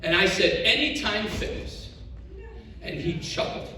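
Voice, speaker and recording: Middle-aged male stand-up, high animated delivery, distant echoey live recording. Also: a little slow. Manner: animated storyteller acting out dialogue. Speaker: stand-up comedian. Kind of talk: stand-up comedy set. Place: comedy show stage. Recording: echoey live room from far off, noisy. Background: audience laughter.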